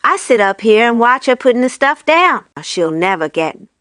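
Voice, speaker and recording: Rude, possessive rat, put on by a woman reader; shrill and scolding, dry close sound. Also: big pitch swings, normal speed, fairly bright tone, smooth, dry recording.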